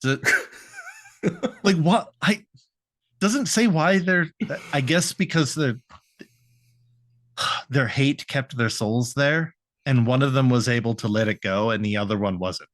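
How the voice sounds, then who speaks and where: A man's voice: mid-range voice, a little slow, long pauses, no room sound, studio quality. A man co-hosting a podcast, recapping a cartoon episode in a rambling, laughing way, swearing and acting out lines. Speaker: podcast co-host.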